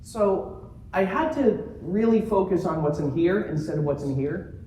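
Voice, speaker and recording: A man giving a keynote talk to a live audience, telling stories in an animated way and joking along the way. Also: high voice, unhurried, slight background noise. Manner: animated storytelling with jokes. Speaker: keynote speaker. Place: conference room. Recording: roomy conference room sound.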